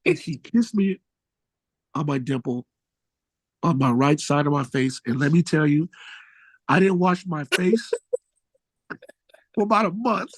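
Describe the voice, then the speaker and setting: A man's voice: takes it slowly, long pauses, breathy edge, no echo. A middle-aged man, a musician, telling stories casually in an interview, acting out what people said with big jumps in his voice. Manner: animated storyteller, acts out quotes with big pitch jumps.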